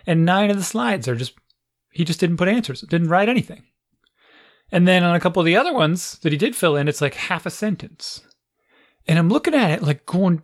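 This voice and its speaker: A parent recounting a frustrating school day in a casual chat. The voice sits at a middling pitch, swings lively up and down, and spills out full of "like" fillers and exasperation. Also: brisk. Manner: animated, exasperated, lots of "like" fillers.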